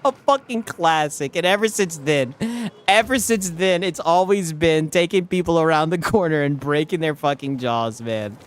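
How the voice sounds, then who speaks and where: A man's voice: a little high, normal speed, smooth. A man chatting casually on a stream, telling stories with frequent laughter and swearing.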